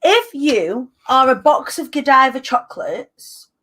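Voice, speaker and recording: A woman in her thirties hosts a relaxed conversation with a noticeably high voice. She talks in a quick, chatty flow and acts out what other people said to her. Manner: chatty, animated storyteller acting out quotes. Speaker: podcast host. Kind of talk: casual chat.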